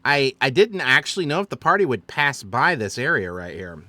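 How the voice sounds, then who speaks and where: A man's voice: mid-range voice, very animated, fairly quick, bright, forceful tone, no echo. A man as dungeon master, chattily recapping and explaining his choices on a stream. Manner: chatty, explaining with fillers and self-corrections.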